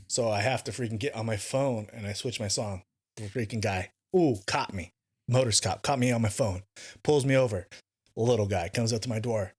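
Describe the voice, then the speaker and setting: A man in his forties co-hosting a podcast, telling stories in a profane, animated way that swings from mumbles to loud bursts. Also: medium pitch, moderate pace. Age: 40s. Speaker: podcast co-host, jiu-jitsu black belt. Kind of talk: casual podcast banter.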